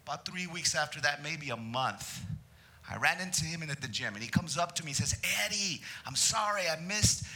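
A male pastor preaching to his church, telling a story in a lively, joking way. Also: a little high, fairly quick, poor audio. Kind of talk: sermon with storytelling.

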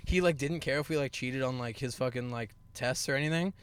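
A man's voice: mid-range voice, a little fast, smooth. A young man in his twenties, a podcast co-host, telling a rambling, profane, laugh-filled story in casual chat from inside a car.

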